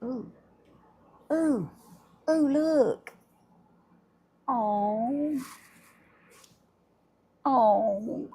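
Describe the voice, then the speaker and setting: Husky woman chatting with viewers. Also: mid-range voice, expressive, slow pace, long pauses, darkish tone. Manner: chatty, effusive, laughs often, talks to viewers. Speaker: livestream host. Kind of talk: casual live chat unboxing gifts.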